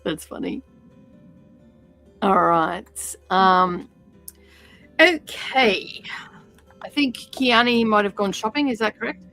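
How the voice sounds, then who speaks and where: A woman's voice: medium pitch, unhurried, fairly bright tone, faint music behind, rough recording. A woman hosting a stitch-along livestream, chatting casually with many fillers and drifting from the mic while she sorts threads.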